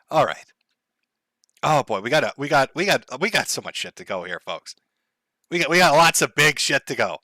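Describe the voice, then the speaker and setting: Hosting a casual stream from home with headphones and a desk mic, a man in a mid-range, sing-song, pushed and bright voice rants sarcastically, unhurried and pausing often. He laughs a lot, swears, and adds mock-tragic asides. The clean studio sound has no echo.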